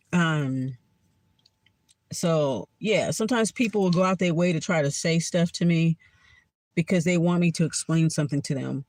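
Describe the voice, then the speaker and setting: A woman's voice: low-pitched, no room sound. Blunt, sarcastic woman tarot vlogger. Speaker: tarot reader. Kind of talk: casual storytime vlog.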